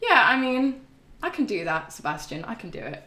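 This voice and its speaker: A woman's voice: on the high side, big pitch swings, normal speed, sharp tone. A woman streamer giving a casual, rambling game recap to her live chat, swearing freely and full of ums and laughs. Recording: roomy echo.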